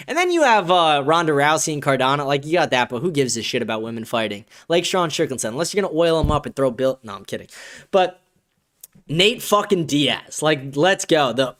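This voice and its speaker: Excitable profane man hosting a podcast. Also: on the high side, fairly quick. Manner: excitable, profane, laughs often. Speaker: podcast host. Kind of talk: casual chat reading comments.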